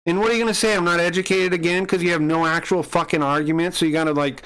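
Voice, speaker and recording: A man's voice: on the high side, steady tone, fast, hardly any pauses, fairly bright tone, clear, resonant tone. Angry swearing streamer man. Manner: angry, profane, accusatory ranting. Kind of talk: heated live-stream argument with chat.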